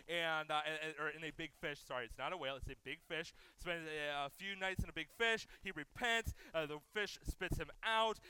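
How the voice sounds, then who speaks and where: Male pastor, fairly high, crisp voice, lively conversational sermon. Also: dry recording, low-quality recording. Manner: animated, conversational, asks the congregation questions.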